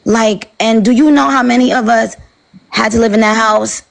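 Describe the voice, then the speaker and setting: Gravelly-voiced New woman, animated. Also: a little high, normal speed, low-quality recording. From Queens, New York. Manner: animated, rambling, with frequent fillers. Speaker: interview guest. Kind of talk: casual interview chat.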